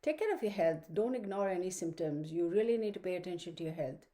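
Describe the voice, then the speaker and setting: A woman talks through a weekly astrology forecast into her computer mic at home. She rambles with fillers and asides. Her voice sits a little low and sounds mellow. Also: lively intonation, quick pace. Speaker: astrology reader. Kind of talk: casual astrology forecast monologue. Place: home room with her dog. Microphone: computer microphone.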